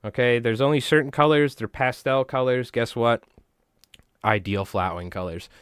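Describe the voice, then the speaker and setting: A man, chatting in a rambling, animated way to his viewers while tying flies on a live stream. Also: mid-range voice, moderate pace, clear, resonant tone, no room sound, studio quality. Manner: rambling, animated, talks to chat.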